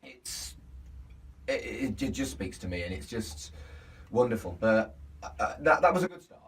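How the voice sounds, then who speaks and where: A man's voice: on the low side, sing-song, normal speed, a bit bright. A man co-hosting a radio show about comics, chatting casually and often stammering and repeating words. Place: radio studio. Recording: mic a little far off, faint noise.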